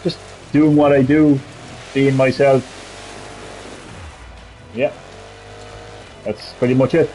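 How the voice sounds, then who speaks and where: A man's voice: medium pitch, little pitch movement, takes it slowly, long pauses, mellow, a little hiss or hum, poor audio. An Irish man giving casual, rambling gameplay commentary while answering chat as a streamer. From Ireland. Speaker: gaming streamer.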